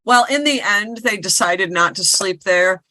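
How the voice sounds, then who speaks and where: A woman's voice: medium pitch, a little slow, bright, forceful tone, no echo. A woman co-hosting a podcast, casually retelling a ghost story and rambling with lots of fillers. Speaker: podcast co-host.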